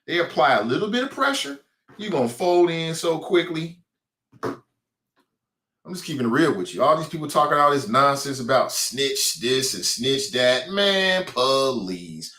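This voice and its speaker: A man's voice: a little high, pushed and bright, roomy sound. A man hosting a talk show with a Cincinnati accent, delivering a blunt, mocking, streetwise opinion monologue.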